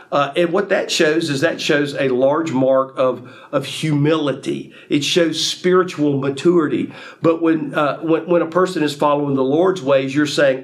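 A man pastor giving a sermon, often repeating his words and pausing on fillers as he builds each point. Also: fairly high pitch. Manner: repeats words, measured preaching with many fillers.

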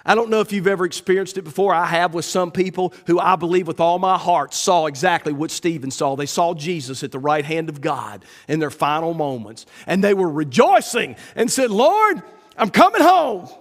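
A middle-aged man preaching a sermon as pastor, emphatic, climbing high when he quotes and slowing down to read scripture. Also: big-room sound. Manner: emphatic, rises sharply when quoting, slows to read scripture.

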